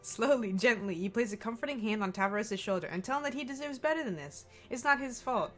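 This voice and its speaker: A woman's voice: a little high, fast, soft background music. Woman reading game narration playfully. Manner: expressive, playful reading with frequent laughter. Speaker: co-host reading a visual novel aloud.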